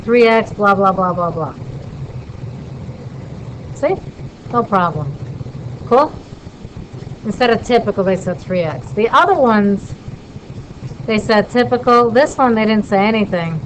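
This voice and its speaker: A woman instructor walking through a drawing in a casual lesson and checking in with quick questions. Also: medium pitch, expressive, slight background noise, poor audio. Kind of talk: casual screen-recorded lesson.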